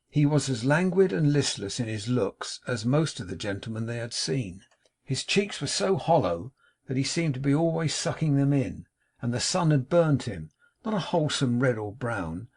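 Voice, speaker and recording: A man reading a classic novel aloud as an audiobook narrator, in a steady, even storytelling read. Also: medium pitch, gravelly, slightly rough. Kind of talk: scripted narration.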